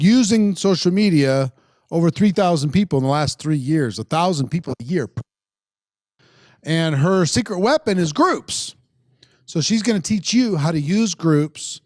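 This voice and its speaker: A man's voice: fairly high pitch, darkish tone, dry recording, studio quality. A man hosting a live online summit, hyping the audience and reading out viewer comments. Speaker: summit host. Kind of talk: live-stream event hosting.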